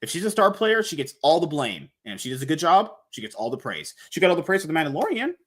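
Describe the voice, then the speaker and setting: A man talks fast in a casual podcast chat, his pitch leaping around as he mocks and swears. He sounds sarcastic and scornful throughout. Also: sing-song, a bit bright. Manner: sarcastic, mocking, profane.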